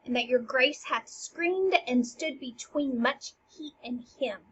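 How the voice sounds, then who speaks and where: A meddling old royal adviser gives bossy, commanding orders, as a woman reads his part. The voice stays high, and the recording sounds slightly dull. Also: takes it slowly, a bit bright, husky, heavily acted. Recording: slightly dull with faint hiss.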